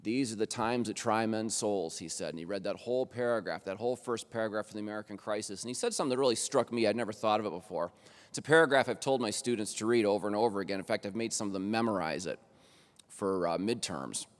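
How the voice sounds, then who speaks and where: A man's voice: on the low side, fast talker. Lecturing man in a reverberant hall. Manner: conversational lecturing, often asking "right?" of the audience. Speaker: college journalism professor. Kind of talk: lecture at a faculty roundtable. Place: college auditorium stage.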